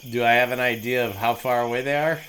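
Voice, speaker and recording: A man's voice: medium pitch, steady tone, fast, a bit bright, a little hiss or hum, rough recording. A man playing a tabletop game, rambling and joking with lots of fillers. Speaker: player. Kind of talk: casual tabletop game play.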